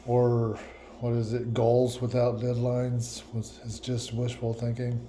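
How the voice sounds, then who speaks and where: A man's voice: mid-range voice, monotone, slow, warm tone, a little hiss or hum. A man vlogging a reflective personal monologue, musing and repeating himself, with laughs at his own words.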